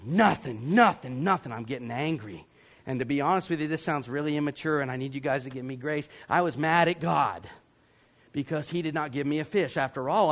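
A man from Georgia, preaching a sermon as a pastor, telling a story with animated acted-out voices. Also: a little high. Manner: animated, acts out voices and yells for effect.

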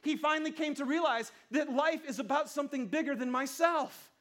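A man preaching a casual, conversational sermon, chatty and lively with playful asides. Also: very high-pitched, brisk. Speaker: pastor.

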